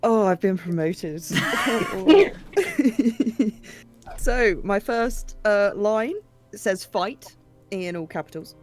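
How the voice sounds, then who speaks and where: A player in a tabletop game recapping the last session in a loose, chatty way, laughing often and swearing freely. Faint music plays softly underneath. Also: mid-range voice, expressive, very slow, pauses often.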